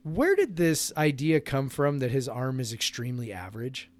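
A man's voice: medium pitch, very animated, normal speed, soft background music. A man in his thirties co-hosting a podcast in casual chat, rambling with frequent laughs and restarts. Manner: rambling, laughs often, acts out kids' voices. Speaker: podcast co-host.

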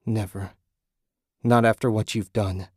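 A man reading an audiobook, voicing a young woman yelling hard and defiant. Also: lowish voice, steady tone, measured pace, slightly rough, dry recording, studio quality.

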